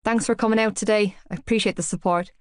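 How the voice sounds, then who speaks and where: A woman's voice: mid-range voice, fairly even intonation, quick pace, clean tone, dry recording, clean studio sound, close to an everyday voice. A woman reading an audiobook, voicing a confident young rugby player who talks in an easy, teasing way. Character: cocky, calm young Irish rugby player. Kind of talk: audiobook character voice.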